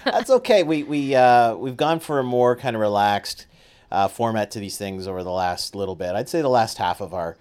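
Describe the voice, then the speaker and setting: A man hosting a podcast in casual chat, relaxed, often repeating words as he talks. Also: medium pitch, normal speed, smooth. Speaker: podcast host.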